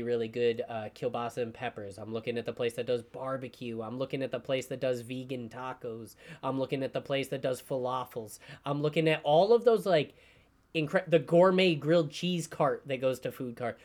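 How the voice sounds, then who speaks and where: An animated man from New York co-hosting a casual podcast. He argues his food opinions with lively emphasis, often repeating words to hold the floor. His voice sits at an ordinary middle pitch. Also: a little fast. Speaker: podcast co-host. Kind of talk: casual chat.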